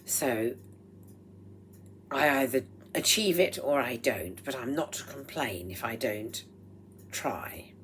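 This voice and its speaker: A woman with a low, throaty and strained voice talks into a microphone at home. She speaks slowly and deliberately, with slightly proper phrasing, and often sinks into breathy whispered asides. A faint hum sits under her voice. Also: expressive, a bit bright. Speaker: vlogger. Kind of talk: rambling personal vlog monologue. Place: at home while cooking.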